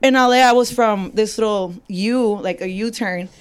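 A young woman from East Los Angeles, chatting as a guest in a relaxed, slangy way and laughing often. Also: mid-range voice, normal speed, smooth. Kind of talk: casual podcast chat.

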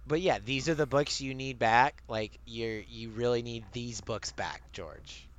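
A man co-hosting a casual podcast chat, animated, swearing casually and laughing often. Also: medium pitch, measured pace, a little hiss or hum. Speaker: podcast co-host. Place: lives near Maryland.

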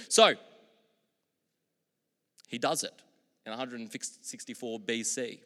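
A man preaching a sermon as pastor, moving between loud, emphatic proclamations and quiet, reflective asides. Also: mid-range voice, slow, long pauses. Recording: long hall reverb.

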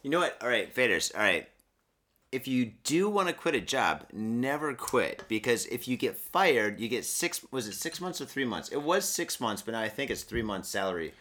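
Lively, bright-voiced joking man. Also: medium pitch, moderate pace. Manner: loud, joking reactions, swears, says dude a lot. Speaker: podcast co-host. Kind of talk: casual chat.

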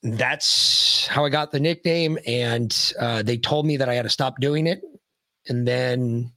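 A man's voice: mid-range voice, a bit bright, no room sound, studio quality. A man in casual podcast chat as the guest, joking and brash with plenty of profanity.

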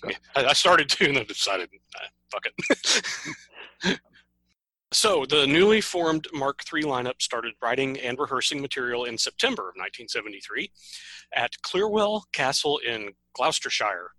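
A man co-hosting a podcast in relaxed chat, laughing easily as he works through his notes. His voice is very bright and forward. The sound is dry and close. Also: mid-range voice, normal speed, no echo, low-quality recording. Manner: relaxed, laughs often, reads notes on band history. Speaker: podcast co-host. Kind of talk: casual chat.

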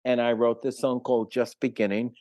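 An older man talks as an interview guest in a mellow, low-toned voice. He rambles through stories with lots of fillers and restarts, and the sound is close and dry. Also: flat delivery, a little fast, dry recording. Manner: rambling, filler-heavy anecdotes. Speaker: retired musician guest. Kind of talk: casual interview storytelling.

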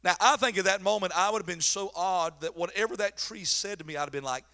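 A man's voice: high voice, fast, few pauses, bright, forceful tone. A middle-aged man, a pastor preaching a sermon in a folksy, joking, storytelling way.

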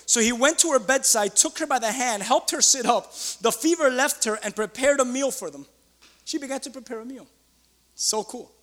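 A man preaching a sermon in church as pastor, excitable, swinging between loud outbursts and quiet asides. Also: extremely high pitch, normal speed, big-room sound.

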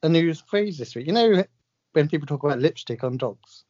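A man's voice: on the high side, lively intonation, moderate pace, darkish tone. A man co-hosting a podcast in casual chat, dry and self-mocking, often chuckling. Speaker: podcast co-host. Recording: dull lo-fi podcast audio.

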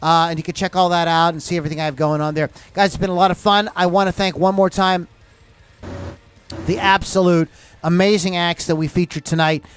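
A man's voice: high-pitched, steady tone, a little fast, a little hiss or hum. A man hosting a rock podcast in a loose, rambling, jokey way. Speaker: podcast host. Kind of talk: casual chat.

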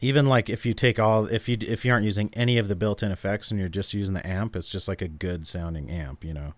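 Rambling low-voiced man chatting. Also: fast, no room sound. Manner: rambling, lots of fillers, animated storytelling. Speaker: podcast co-host. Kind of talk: casual chat.

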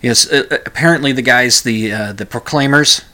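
A man hosts a solo podcast in a relaxed, conversational way. He hesitates a lot, trips over his words and starts sentences again, with a voice pitched in the middle of the usual male range. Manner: halting, with many restarts and repeated words. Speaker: podcast host. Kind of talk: casual solo podcast talk.

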